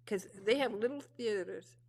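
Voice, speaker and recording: A woman's voice: mid-range voice, moderate pace. Opinionated woman host, emphatic. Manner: emphatic, opinionated, restarts often. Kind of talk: casual interview chat.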